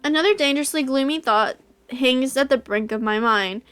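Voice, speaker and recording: A woman's voice: sits high, moderate pace, a bit bright, smooth, faint music behind. A young woman reading a visual novel aloud, narrating as the heroine and gushing in reaction. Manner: squeals and gushes when reacting.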